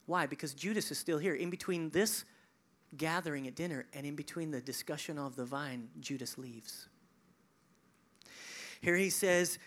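A male pastor preaching a sermon, conversational and animated, swinging between emphatic peaks and hushed, near-whispered lines. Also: fairly high pitch, moderate pace. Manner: conversational asides, chuckling.

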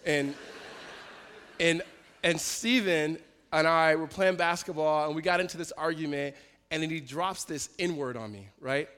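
Male pastor, slightly high voice, animated storyteller in a reverberant church hall. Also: a little slow. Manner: storytelling, animated, self-interrupting with laughs. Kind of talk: sermon with personal story.

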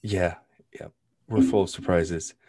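A man hosting and narrating a tabletop role-playing podcast in a relaxed, conversational way. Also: low voice, a little slow, no room sound, studio quality. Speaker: game master.

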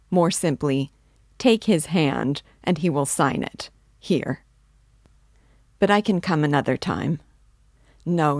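A hearty young male student who takes charge and jokes as he talks, read by a woman. The voice sits low and the sound is dry and close. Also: no echo, heavily acted. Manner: hearty, bossy, joking.

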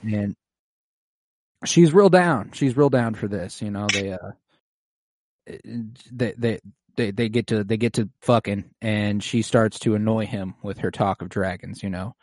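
A man's voice: fairly low pitch, unhurried, no echo. Laughing, profane man recapping a show. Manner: animated, profane, laughs often. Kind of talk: casual show recap chat.

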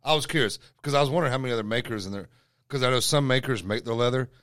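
A man's voice: medium pitch, rapid-fire, a bit bright, no room sound, clean studio sound. A talkative man, co-hosting a podcast and teasing his guest. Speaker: podcast co-host. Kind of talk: casual podcast chat.

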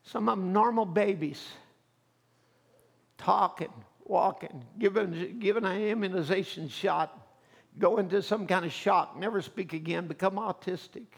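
Gravelly high-voiced male preacher. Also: a little slow. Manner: swings from quiet storytelling to shouted fervor. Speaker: pastor. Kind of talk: sermon.

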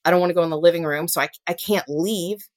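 A woman telling her own story in an interview, earnest and halting, often restarting and acting out what was said. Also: fairly low pitch, dry recording. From Louisiana. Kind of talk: personal storytelling in a podcast interview.

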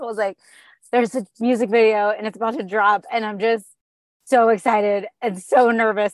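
A woman in casual fan chat, excitable and talking in quick bursts. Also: medium pitch, no echo. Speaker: podcast co-host.

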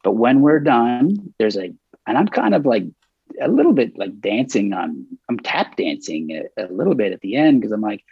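A man's creaky, slightly rough mid-range voice comes through with no room sound and the highs cut off. Telling a story in a laid-back interview, he describes himself as a bit nervous, restarts often, and acts out quoted dialogue with energy.

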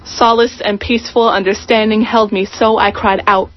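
A woman reading a poem aloud in a slow, deliberate, introspective way, heard over a muffled radio broadcast. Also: mid-range voice, little pitch movement. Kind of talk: poetry reading.

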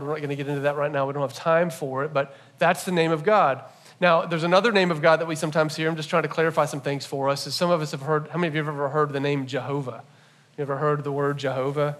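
Lively, higher-voiced man preaching a sermon. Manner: conversational, animated teaching with playful asides. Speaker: pastor. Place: church service.

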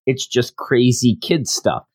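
A man casually recapping an anime episode, animated and acting out the characters' lines, with frequent restarts. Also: mid-range voice, slow, slightly rough, no room sound. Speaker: anime reviewer.

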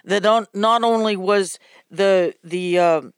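A woman preaches a devotional sermon at an unhurried pace, her voice smooth and clean. She speaks haltingly and fervently, restarting phrases and repeating words. The sound is dry and close, with no room around it. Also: medium pitch, no echo. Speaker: ministry host and preacher.

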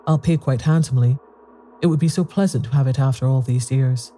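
A man voicing a brisk, cheerful woman who insists on buying a missing plate, speaking a little higher than his own voice. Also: dark tone, a little hiss or hum, natural voice. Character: brisk, cheerful middle-aged woman visitor.

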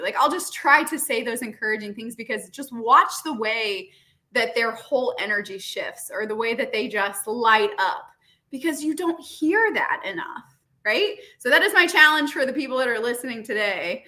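A woman's voice: a little high, normal speed. A woman talking earnestly in a casual conversation, with lots of "like" and "you know". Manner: earnest, animated, many fillers.

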